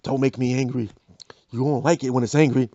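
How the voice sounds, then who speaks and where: A man's voice: medium pitch, steady tone, fairly quick, warm tone, no echo, dull audio, lightly acted. A man voicing a proud, simple-minded green brute who talks in blunt broken phrases. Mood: growling.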